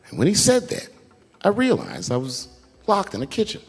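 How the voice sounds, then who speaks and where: A man's high, creaky, slightly rough voice swoops wildly in pitch at normal speed during his stand-up act. Before an audience on a large theater stage, he tells a long, profane story conversationally, building to punchlines, with long hall reverb from the live stage.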